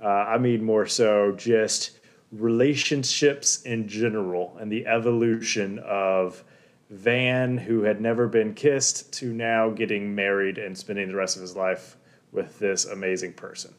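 A man's voice: on the low side, steady tone, measured pace. A man hosting a casual podcast interview, asking eager, teasing questions. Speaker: podcast host.

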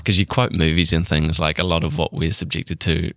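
Deep-voiced New man, rambling. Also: level tone, brisk, a bit bright, no room sound, clean studio sound. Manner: rambling, hesitant, lots of "like". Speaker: podcast host. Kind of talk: casual podcast interview.

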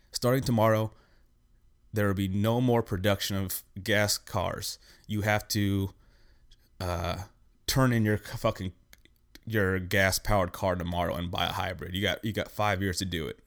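A young man hosting a podcast, ranting bluntly in a casual, profane way. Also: low-pitched. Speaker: podcast host. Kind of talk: casual rant.

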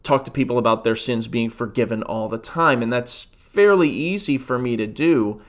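A man's voice: mid-range voice, moderate pace. A man, a pastor, teaching a Bible study podcast in a conversational way, full of rhetorical questions and restarts.

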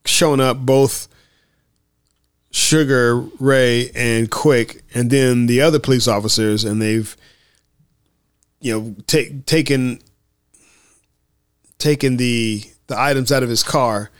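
A man's voice: medium pitch, takes it slowly, long pauses, clean tone, no echo, clean studio sound. A man co-hosting a podcast, chatting casually about a film, often repeating words as he goes. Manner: relaxed, stammers and repeats words. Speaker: podcast co-host.

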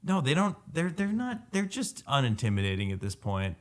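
A man's voice: mid-range voice, huge pitch swings, normal speed. A man in his late twenties co-hosting a podcast in a playful, joking, rambling way. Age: late 20s. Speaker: podcast co-host. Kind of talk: casual chat.

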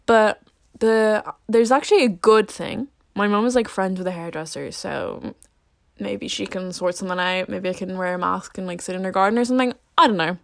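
A teenage girl talks straight to camera in a loose, rambling vlog voice, full of fillers and self-mocking asides. Her pitch sits in an ordinary middle range. The sound is dry and close, with no room echo. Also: brisk, vocal fry. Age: late teens. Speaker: vlogger. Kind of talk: casual chat to camera.

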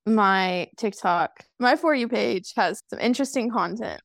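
A woman's voice: medium pitch, a little slow, gravelly, dry recording, studio quality. A woman co-hosting a casual podcast chat over a call, bubbly and laughing often. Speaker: podcast co-host. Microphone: remote call mic.

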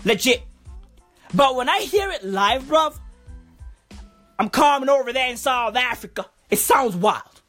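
Lively slangy woman ranting, cussing a lot, pitch all over the place, a bit higher voice. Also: measured pace, pauses often, faint music behind. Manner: animated, profane, slangy. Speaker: comedy vlogger. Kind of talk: comic rant.

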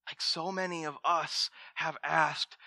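A man preaching a sermon as pastor, swinging between loud emphasis and hushed words and asking the congregation direct questions. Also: fairly high pitch, fairly even intonation, takes it slowly, no room sound.

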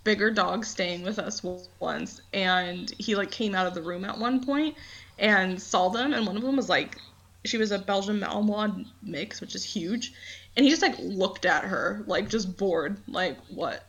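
A young woman with a bright, clear voice chats loosely as a podcast co-host. She rambles from one story to the next and laughs often as she talks. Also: medium pitch, moderate pace. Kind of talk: casual chat.

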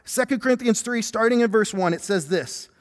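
A youth pastor in his thirties, preaching with lively, self-deprecating stories and humor. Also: high-pitched, a little fast, big-room sound. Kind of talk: sermon with personal stories.

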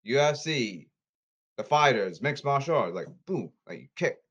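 Man ranting solo on a podcast, repetitive, emphatic, very lively pitch. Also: normal speed, husky, dull audio. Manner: repetitive, emphatic, calling people out; bursts from apologetic mutters to loud shouting. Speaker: podcast host. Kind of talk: rambling solo podcast rant.

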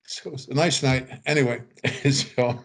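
A man's voice: medium pitch, fairly even intonation, moderate pace. An older man telling rambling anecdotes in casual chat, acting out quoted voices and chuckling. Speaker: author telling stories.

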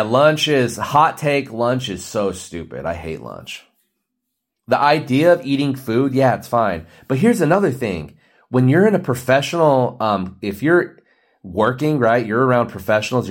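A man of about forty, delivering a blunt podcast rant. He preaches at the listener and mixes in jokes. His voice sits at a middle pitch. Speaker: podcast host. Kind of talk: ranting monologue.

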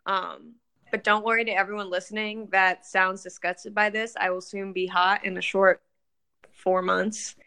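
A woman's voice: medium pitch, flat delivery, normal speed, pushed and bright, smooth. A young woman co-hosting a podcast in casual chat, giggly and rambling with lots of fillers. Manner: giggly, rambling with many likes. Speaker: podcast co-host.

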